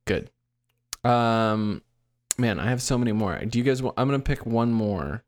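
A young man hosting a casual comedy podcast, reading reviews aloud deadpan. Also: mid-range voice, normal speed. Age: young adult. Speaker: podcast host.

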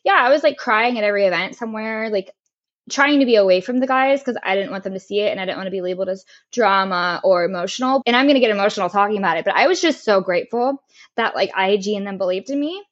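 A woman's voice: medium pitch, fast. A young woman in an interview, talking candidly and with feeling about her racing, laughing often and swearing freely. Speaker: podcast guest, race car driver. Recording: lo-fi muffled audio.

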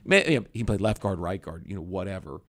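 A man co-hosting a sports talk show, arguing his view on players in a lively, opinionated way. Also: low-pitched. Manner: lively, opinionated, quick to push back. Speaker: sports radio co-host.

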